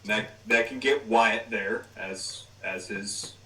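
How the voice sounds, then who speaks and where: A man's voice: on the low side, fairly even intonation, slow pace. A man playing a tabletop game, chatting casually and telling corny jokes. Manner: jokey, tells corny jokes. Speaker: player. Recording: roomy, distant mic, faint noise.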